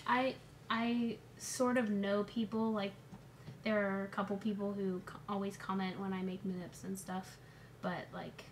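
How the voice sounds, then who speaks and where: A woman's voice: mid-range voice, little pitch movement, a little hiss or hum. A young woman in casual chat, playful and giggly, teasing her friend. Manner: giggly, playful, quick to tease. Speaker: vlogger.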